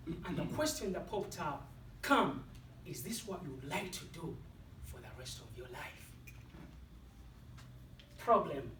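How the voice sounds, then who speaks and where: A man with an African accent giving a motivational speech to an audience in a competition, with dramatic, deliberate delivery and punchy pauses. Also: high-pitched, slight background noise. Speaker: motivational speaker. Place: speaking hall with live audience. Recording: echoey hall, voice from far off.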